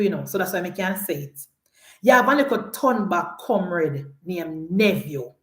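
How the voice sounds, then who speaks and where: A woman with a Jamaican accent, ranting and scolding on a live political stream, often shouting and repeating herself. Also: fairly high pitch, roomy sound. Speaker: political commentator.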